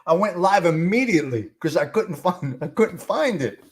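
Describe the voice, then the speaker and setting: A man's voice: high voice, animated, normal speed. Profane rambling man on a live stream. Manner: rambling, profane, chats with viewers in the comments. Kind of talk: casual live-stream chat.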